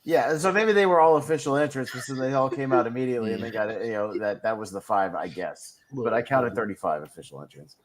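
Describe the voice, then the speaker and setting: A man's voice: medium pitch, quick pace, a crowd in the background. A man co-hosting a podcast in casual chat, chatty and explaining at length. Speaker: podcast co-host.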